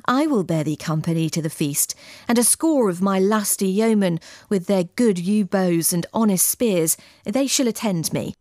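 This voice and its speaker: A woman's voice: mid-range voice, expressive, normal speed, darkish tone, no echo, clean studio sound, natural voice. A woman narrator voicing a boastful young medieval knight, swaggering in archaic speech.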